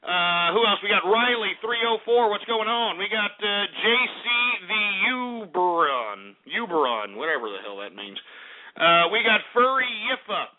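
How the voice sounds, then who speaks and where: A man's voice: high voice, very animated, normal speed. A man hosting a talk radio show, ranting and swearing with bursts of mock outrage. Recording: tinny phone-like audio.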